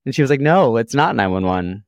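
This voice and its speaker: A man's voice: medium pitch, animated, fairly quick, dry recording. A man co-hosting a podcast, telling a phone-call story with dry humor and reading the show credits. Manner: wry, dramatic storyteller acting out phone calls. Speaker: podcast co-host. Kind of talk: casual chat and show outro.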